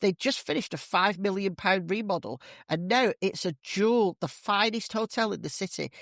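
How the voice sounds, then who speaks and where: A man's voice: sits high, moderate pace, a bit bright, no room sound, studio quality, pitched above the performer's own voice. A man voicing a cheerful woman who boasts about her trip in a told joke. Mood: gushing.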